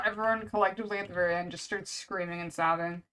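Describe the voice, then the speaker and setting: A woman's voice: medium pitch, steady tone, fairly bright tone, clean tone, low-quality recording. A woman streaming casually while drawing commissions, rambling to chat and calling everyone "bro" and "man". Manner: rambling and chatty, says "bro" and "man" constantly; reacts to chat with quick laughs and exaggerated outbursts.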